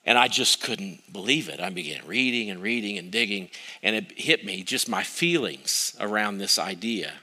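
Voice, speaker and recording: A man's voice: lowish voice, lively intonation, moderate pace, pushed and bright. A middle-aged male pastor preaching a sermon, telling a story on himself with wry, self-mocking humor.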